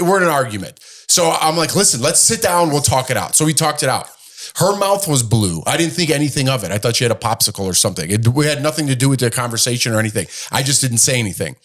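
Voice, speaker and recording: A man co-hosting a relaxed chat show, sitting at middle pitch. He rambles through a story, restarting sentences and bouncing into voices for each quoted line. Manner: rambling, animated storyteller who acts out quotes. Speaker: podcast co-host.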